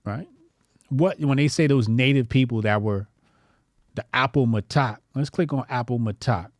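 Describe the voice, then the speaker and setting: A man's voice: medium pitch, normal speed, no room sound, clean studio sound. A male comedian hosting a loose, profane commentary show, laughing and riffing in slang as he reacts to posts online. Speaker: comedian host.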